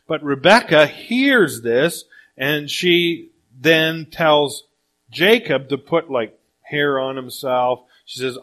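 Male preacher, slightly high pitch, lively sermon storyteller. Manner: animated storytelling, speeds up and slows down. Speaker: pastor.

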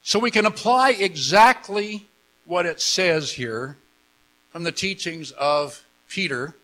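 Bright-voiced, excited male preacher. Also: high voice, slow pace, rough recording. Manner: enthusiastic, repeats himself, emphatic. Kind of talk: sermon with Bible reading.

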